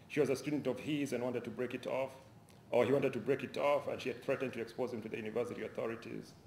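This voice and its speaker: A man reads his own crime fiction to an audience in a university lecture hall, measured and steady, now and then restarting a phrase. His mid-pitched voice carries a roomy echo, with a faint hum of the hall behind it. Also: gravelly. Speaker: author reading his fiction. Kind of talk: public reading of a novel.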